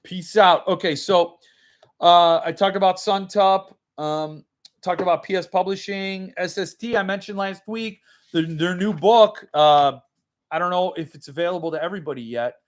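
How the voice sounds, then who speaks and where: A man with a high voice, talking at normal speed, hosts a loose livestream chat for his book channel from a room at home. He meanders and reads viewer comments aloud.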